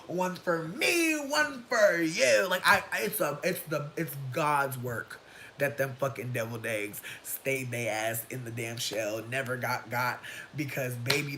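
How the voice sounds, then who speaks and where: Bright-voiced animated storyteller in their 30s. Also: mid-range voice, slight background noise. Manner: profane, animated, breaks into shouts and laughter. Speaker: livestream host. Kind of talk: casual storytime chat.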